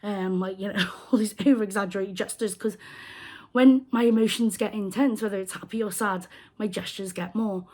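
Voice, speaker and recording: A young British woman vlogging, telling a story in a casual, animated way and acting out the people she quotes. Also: mid-range voice, moderate pace. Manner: animated retelling, acts out quoted voices. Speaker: crochet vlogger.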